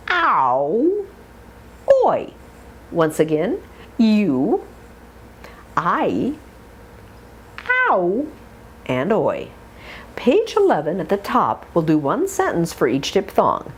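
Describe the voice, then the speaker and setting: Woman accent coach, very slow, hugely swooping pitch, drills words, faint background hiss. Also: wildly swooping pitch. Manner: slow, drawn-out model words with coaching asides. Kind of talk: pronunciation drill lesson.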